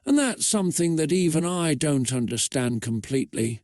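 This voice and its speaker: A man's voice: fairly high pitch, big pitch swings, moderate pace, a little mellow, no echo, clean studio sound. A man reading out a cruel teenage girl villain who taunts and threatens in a sing-song way. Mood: mocking.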